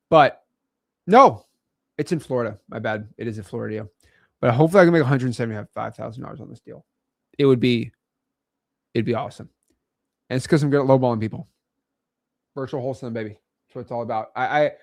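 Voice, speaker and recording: A man in his twenties hosting a casual livestream, talking in a hyped, boastful and excitable way. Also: medium pitch, dry recording. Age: 20s. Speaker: host.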